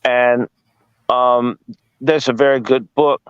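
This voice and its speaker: A man's voice: mid-range voice, steady tone, slow, clear, resonant tone, dry recording, highs cut off. A man from Washington, D.C. giving a casual lecture, firing rhetorical questions at his listeners, blunt and profane. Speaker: guest speaker.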